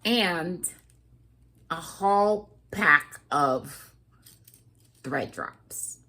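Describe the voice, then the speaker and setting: A woman chatting to camera as a cross-stitch vlogger, gushing and excitable as she talks straight to her viewers. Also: lowish voice, very slow. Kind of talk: casual chat to camera.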